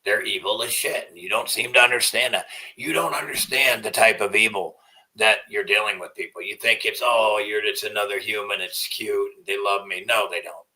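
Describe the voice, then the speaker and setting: A man's voice: fairly low pitch, fairly even intonation, normal speed, sharp tone, far from the mic, rough recording. A man hosting a livestream in a rambling, profane way, often trailing off into mumbles. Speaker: livestream host. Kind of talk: casual livestream rant.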